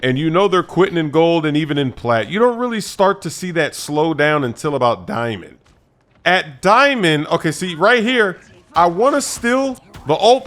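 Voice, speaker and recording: A man giving chatty, animated gameplay commentary as a gaming channel host, repeating himself for emphasis. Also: high-pitched. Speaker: gaming YouTuber. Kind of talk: gameplay commentary over footage. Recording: faint background music.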